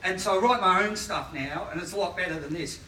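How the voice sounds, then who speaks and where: Male comic in his late 40s, self-deprecating stand-up in a small venue, high voice, echoey distant room sound. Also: fast, bright, forceful tone, a little hiss or hum. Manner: self-deprecating, often laughing mid-line. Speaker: stand-up comedian. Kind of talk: stand-up comedy set. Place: small live comedy venue.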